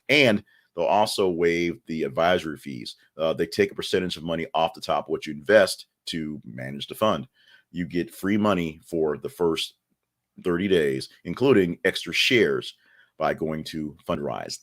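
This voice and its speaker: A low-voiced man hosting a casual news podcast. He talks in a chatty, wry way and drifts into offhand asides. He often restarts his sentences midway. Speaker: podcast host.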